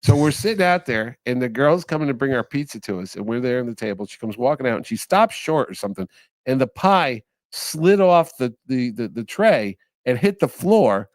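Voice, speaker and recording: A man's voice: mid-range voice, big pitch swings, normal speed, dry recording. Rambling middle-aged man telling stories. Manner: rambling anecdotes, quotes people in dry voices. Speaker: guest, convention owner. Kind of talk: casual storytelling chat.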